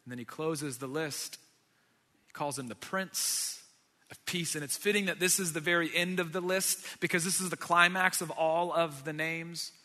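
A man preaching a sermon, swinging between loud declarations and near-whispers. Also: fairly high pitch, moderate pace. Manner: dynamic, shifts from loud to whispered. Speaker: pastor. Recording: long hall reverb.

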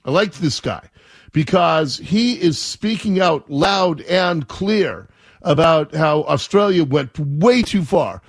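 Radio host guy, kinda husky, dead dry studio sound, just chatting his opinions. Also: on the high side, animated, takes it slowly, dry recording. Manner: chatty, opinionated, admiring asides. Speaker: radio talk show host. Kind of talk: casual talk radio commentary.

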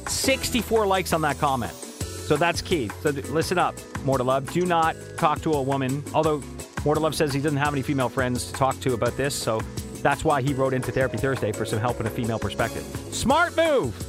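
A man's voice: mid-range voice, quick pace, music in the background. A man hosting a morning radio show, chatting casually and reading listener texts aloud with an upbeat, easily amused manner. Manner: chatty and upbeat, laughs easily, frequent restarts. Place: radio studio. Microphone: studio microphone.

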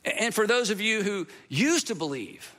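A male pastor preaches a sermon in a high, ringing voice that stays bright and forward, with an animated delivery at a moderate pace. He presses earnestly on repeated phrases, then drops almost to a hush for effect.

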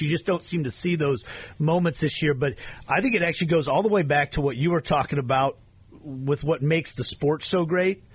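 A man's voice: a little high, normal speed, husky, no echo. A man co-hosting a sports radio show who reflects on the game as he talks. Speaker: radio co-host.

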